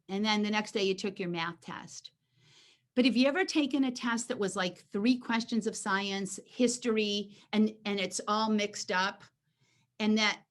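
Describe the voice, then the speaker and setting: A woman dog trainer leading a teaching Q&A session over a video call, animated, acting out little dialogues, with frequent restarts. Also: medium pitch.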